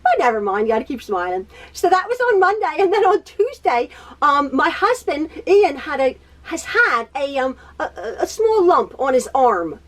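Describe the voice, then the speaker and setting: With a high, very animated voice at normal speed, a woman hosts a quilting video from her sewing room at home. She rambles through a chatty personal catch-up, frequently laughing, repeating things, and stumbling over words.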